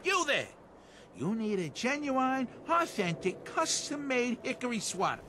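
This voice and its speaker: A man's voice: very high-pitched, sing-song, a little slow, background noise, exaggerated voice. An actor with a Boston accent voicing a boisterous, pushy male street vendor in a video game, full of hawking sales patter.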